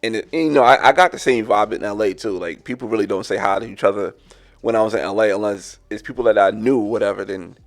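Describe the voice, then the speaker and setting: A man from Long Island, co-hosting a casual podcast and telling stories with lively quoted dialogue. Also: fast talker. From New York, Long Island. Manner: animated, acts out quoted dialogue with big pitch jumps. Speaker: podcast co-host. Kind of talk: casual storytelling chat.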